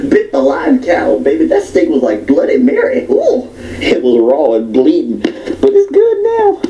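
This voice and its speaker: A man's voice: fairly high pitch, huge pitch swings, unhurried, warm tone, echoey room, highs cut off, slight background noise, pitched above the performer's own voice. A man voicing a whiny, picky woman diner who squeals and repeats herself over and over. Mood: complaining.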